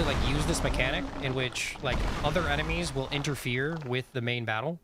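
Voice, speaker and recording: A man's voice: medium pitch, fairly quick, heavy background noise. A man streaming a game live, talking casually to his chat in a rambling, chatty way with many fillers.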